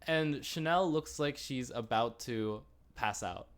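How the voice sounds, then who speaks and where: A man co-hosting a relaxed review chat, voice sitting at an ordinary middle pitch. He rambles cheerfully, restarting sentences and tossing in asides. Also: slow, clear, resonant tone. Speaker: podcast co-host. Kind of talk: casual chat reviewing a TV episode.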